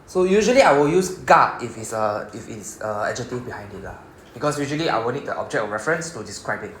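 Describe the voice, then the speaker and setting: A man with a Singaporean English accent teaches a class, explaining patiently and checking in with his students. His voice sits in a middle pitch. The recording picks up a lot of room echo and a faint background hum. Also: animated, quick pace. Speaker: Japanese teacher. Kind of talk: classroom lesson. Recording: echoey classroom.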